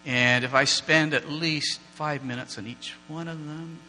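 A man leads an informal church lesson from slides, wandering into asides and light jokes with the group. His voice is a touch high for a man and cuts through crisply. A long hall reverb and a low electrical hum sit behind him. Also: steady tone, unhurried, sharp tone. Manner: chatty, digressive, joking asides with the class. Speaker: church teacher. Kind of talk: informal classroom lecture with slides.

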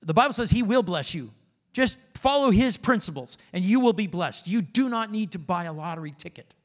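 A man's voice: high-pitched, expressive, brisk. A man preaching a conversational sermon in a church, mixing plain talk with anecdotes. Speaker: pastor.

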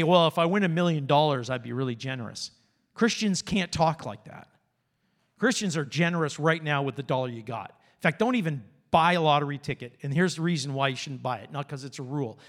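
A man preaching a conversational sermon in a church, mixing plain talk with anecdotes. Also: on the high side. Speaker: pastor.

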